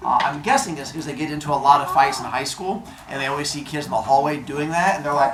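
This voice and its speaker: A male teacher telling myths to his class in an animated, jokey way, full of voices. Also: fairly high pitch, quick pace, hardly any pauses, background noise. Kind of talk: classroom storytelling. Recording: echoey classroom from far off.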